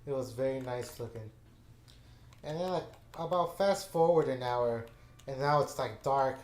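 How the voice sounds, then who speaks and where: A man's voice: medium pitch, unhurried, darkish tone. Rambling man telling a story in an echoey room. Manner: rambling, with many fillers and restarts. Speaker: gaming channel host. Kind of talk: casual storytelling chat.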